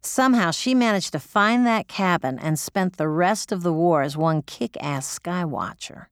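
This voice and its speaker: A woman's voice: lowish voice, lively intonation, moderate pace, clean tone, dry recording, studio quality. A woman narrating in the first person as an audiobook reader, gritty, profane and emotional.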